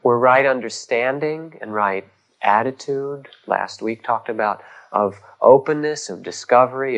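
In a rough recording, a meditation teacher with a mid-range voice delivers a dharma talk. He is gentle and reflective, pausing often and lifting his voice to stress key words.

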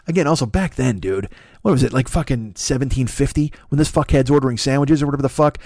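A man hosting a comedy podcast, riffing in an excitable, profane, absurdist monologue. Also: medium pitch, dry recording, clean studio sound. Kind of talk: rambling improvised comic monologue.

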